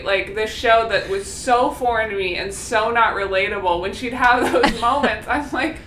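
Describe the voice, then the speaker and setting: Laughing animated woman, roomy sound. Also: on the high side, moderate pace, hardly any pauses, noisy background. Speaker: guest. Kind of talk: casual chat.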